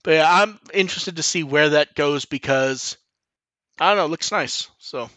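A man hosts a podcast in relaxed, rambling chat, peppering his sentences with fillers and restarts. His voice sits a little high and sounds bright and tense. The recording is dry and close, with no room sound. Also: normal speed, no echo. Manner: rambling, frequent 'like' and restarts, swears casually. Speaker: podcast host. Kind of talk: casual chat.

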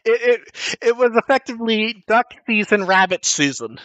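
A man hosting a podcast in casual chat, rambling and animated, swearing casually. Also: high voice, normal speed, no room sound, highs cut off. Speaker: podcast host.

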